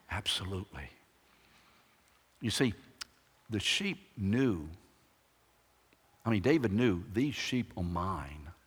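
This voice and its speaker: A man's voice: fairly low pitch, slightly rough. A man preaching a sermon with emphatic phrasing and rhetorical questions to the congregation. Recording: echoey hall reverb.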